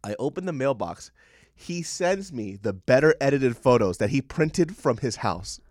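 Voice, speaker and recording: A man in his thirties co-hosting a podcast, telling a story in casual, profane chat and shouting when he quotes himself. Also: mid-range voice, animated, normal speed, no room sound, clean studio sound. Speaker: podcast co-host.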